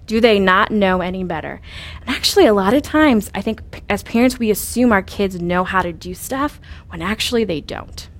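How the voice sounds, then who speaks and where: A woman's voice: mid-range voice, expressive, normal speed. Earnest woman coaching on parenting. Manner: earnest and coaching, with rhetorical questions and fillers. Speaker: parenting speaker. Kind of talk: instructive talk on parenting.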